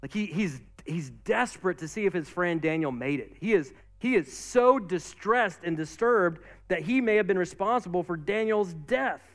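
A man preaching a sermon as pastor, lively and casual, acting out quotes and asides. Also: high voice, normal speed, hardly any pauses.

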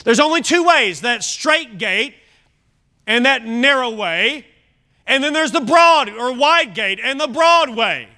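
A man preaching a sermon as pastor, emphatic, with big swings in loudness and chatty asides and self-corrections. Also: extremely high pitch, expressive, slow.

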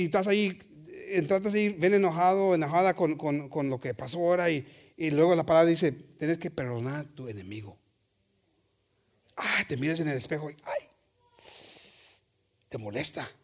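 A man preaching a bilingual sermon, reading scripture slowly and acting out the voices of his listeners. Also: fairly high pitch, creaky. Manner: switches between Spanish and English, reads scripture slowly; acts out congregants' voices, animated. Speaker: pastor.

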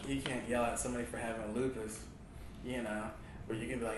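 A man's voice: medium pitch, level tone, quick pace, recorded from a distance. Blunt, profane man in an echoey room. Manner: profane, blunt, frequent murmured backchannel. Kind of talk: casual chat. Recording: echoey room with noticeable ambient noise.

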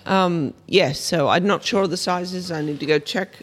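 An Australian woman co-hosting a podcast in casual, easygoing chat, quick to laugh. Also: on the low side, noisy background. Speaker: podcast co-host.

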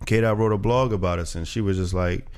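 A man's voice: sits low, steady tone, quick pace, darkish tone, clean tone. A man co-hosting a podcast, talking in a laid-back, rambling way with slang and many restarts. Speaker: podcast co-host and event organizer. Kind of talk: casual podcast chat.

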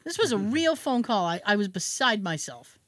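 A woman's voice: mid-range voice, sing-song, moderate pace, fairly bright tone, no room sound. A woman chatting casually as a podcast host, telling a story with lots of swearing and acting out both sides of phone calls. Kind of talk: casual chat.

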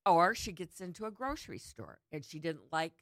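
A woman's voice: on the low side, moderate pace, no room sound, studio quality. An older woman co-hosting a casual talk show, chiming in and laughing often. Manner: lively, laughs often, chimes in. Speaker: co-host. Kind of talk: casual chat.

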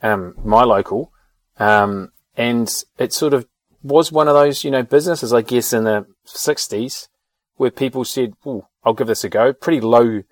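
A man's voice: medium pitch, unhurried, no room sound, clean studio sound. A man telling rambling anecdotes in casual chat, with fillers and swearing. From New Zealand.

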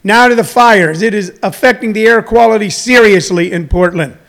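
Man, middle-aged, high voice, rambling, out of breath, live talk host. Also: normal speed, vocal fry, fairly bright tone. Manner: rambling, chatty, jokey asides. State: a little out of breath. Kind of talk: live-stream talk show monologue.

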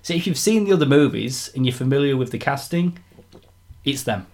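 A man co-hosting a podcast, casually chatting about film news, opinionated and quick to laugh. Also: medium pitch, expressive, a little mellow. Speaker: podcast co-host.

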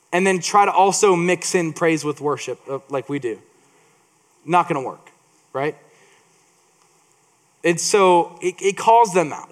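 A man preaching a sermon, reading scripture and adding playful asides with frequent restarts. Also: fairly high pitch.

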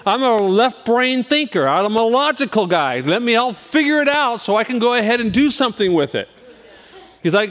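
A man's voice: very high-pitched, sing-song, moderate pace, a bit bright. A male pastor giving an informal, candid sermon, self-deprecating and chatty, often restarting his sentences. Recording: long hall reverb.

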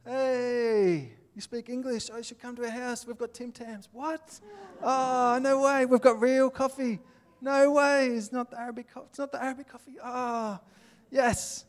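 A man's voice: medium pitch, flat delivery, a little fast, hardly any pauses, a little mellow, close to an everyday voice. A man with an Australian accent voicing an overeager, friendly expat parent gushing out invitations.

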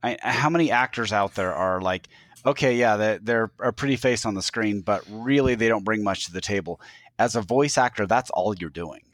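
A man's voice: lowish voice, normal speed, a bit bright, dry recording. Rambling man on a podcast. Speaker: podcast co-host. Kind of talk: casual podcast chat.

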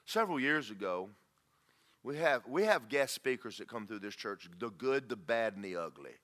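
Lively folksy preacher. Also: male voice, mid-range voice, moderate pace. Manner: folksy storytelling, rising to fervent prayer. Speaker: pastor. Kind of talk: sermon.

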